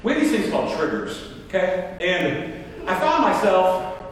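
A man's voice: sits high, big pitch swings, measured pace. A pastor in his forties telling a story in a sermon, acting out his own anger in quoted lines. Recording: roomy hall, mic at a distance.

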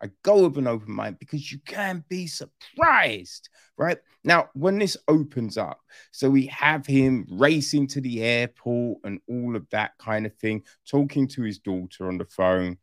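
Male film reviewer, animated and slangy, slow delivery, dry close sound. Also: mid-range voice, dry recording. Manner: chatty and animated, with frequent tag questions and slang. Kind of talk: casual spoken film review.

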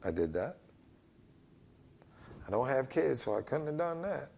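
A man's voice: medium pitch, sing-song, measured pace, creaky, darkish tone, slightly rough. A middle-aged man and basketball coach telling his own story as a podcast guest, acting out what other people said. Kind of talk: candid storytelling in a podcast interview.

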